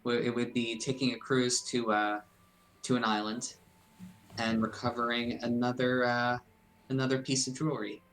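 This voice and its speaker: Halting man playing a tabletop game. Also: mid-range voice, flat delivery, fairly bright tone, slight background noise, rough recording. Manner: halting, hesitant, polite. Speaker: player. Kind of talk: in-character tabletop play.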